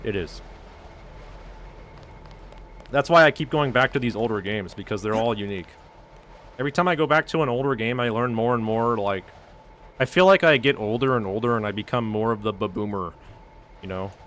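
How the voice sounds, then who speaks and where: A man's voice: on the low side, brisk, long pauses, a bit bright, a little hiss or hum. Profane ranting game streamer, man. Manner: profane, ranting, heavy use of "like". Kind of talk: casual gaming stream rant.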